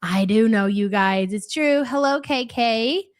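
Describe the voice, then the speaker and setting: A high-pitched woman running a live stream, rattling off viewers' names at speed and teasing them bluntly. Her talk is casual and sassy, close to a desk mic at home. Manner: brash, teasing, reads chat names rapidly. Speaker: livestream host.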